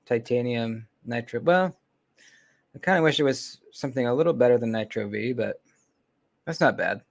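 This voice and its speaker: A man's voice: medium pitch, creaky. Rambling casual man on a livestream. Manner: relaxed, rambling, lots of ums and trailing off. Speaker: knife channel host. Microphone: close desk mic.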